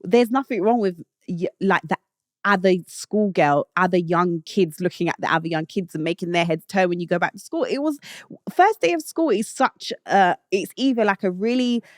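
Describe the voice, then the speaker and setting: A British woman with a lowish voice, talking bluntly and opinionatedly in a casual solo monologue. She speaks into a dry, close mic with no room sound. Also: moderate pace, no echo. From Britain. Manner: blunt and opinionated, rising to indignant outbursts. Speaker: show host.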